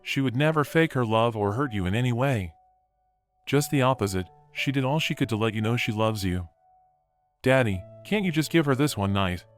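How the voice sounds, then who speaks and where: A man voicing a tearful adult daughter who pleads apologetically with her father, speaking at an even middle pitch. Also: normal speed, faint music behind, close to an everyday voice. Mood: pleading.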